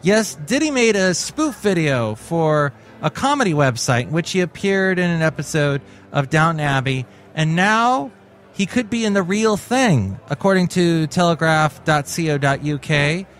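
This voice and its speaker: A man's voice: fairly high pitch, lively intonation, a little slow, fairly bright tone. A man hosting a casual comedy podcast, jokey and rambling with silly asides. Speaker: podcast host.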